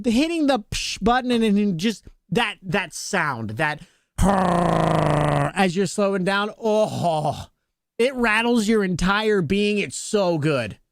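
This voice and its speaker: A man's voice: very high-pitched, dry recording, studio quality. A young man livestreaming a game, ranting emphatically in casual slang to his chat. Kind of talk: casual gaming stream chat.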